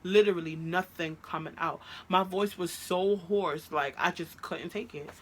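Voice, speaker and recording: Bright-voiced woman telling a storytime. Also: lowish voice, a little slow, slight background noise. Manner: animated, profane, recounts a fight with heated quoted outbursts. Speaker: vlogger telling a personal story. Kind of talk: storytime vlog. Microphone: phone.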